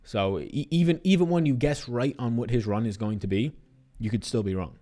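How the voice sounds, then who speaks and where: A young man hosting a sports betting livestream, chatting loosely, reading viewer comments aloud and answering them. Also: medium pitch. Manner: fast, animated, loose and profane.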